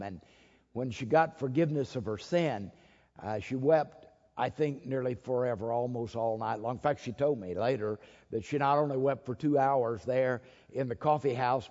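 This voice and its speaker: A man's voice: mid-range voice, darkish tone. A man, preaching a sermon as a pastor and telling stories in a folksy, drawling way with many fillers. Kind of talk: sermon storytelling. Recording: dull lo-fi audio in a long-reverb hall.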